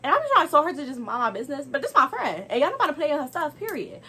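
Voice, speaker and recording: Speaking to camera in a high-pitched, racing voice, a young woman shares a casual, animated storytime. She sounds exasperated and keeps throwing rhetorical asides at viewers.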